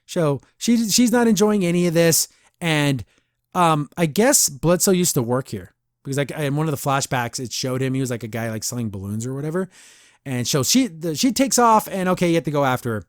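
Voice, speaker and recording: A man's voice: on the high side, animated, fairly quick, dry recording, studio quality. A man hosting a podcast, casually reviewing an episode, rambling and laughing often. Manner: chatty, rambling, laughs often, says "I don't know" a lot. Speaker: podcast host.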